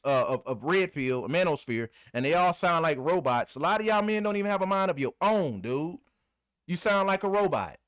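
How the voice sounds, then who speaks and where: A man's voice: a little high, fairly bright tone, no echo, studio quality. A man hosting his own video, giving a heated, repetitive, scolding commentary. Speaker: video host. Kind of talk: impassioned commentary rant.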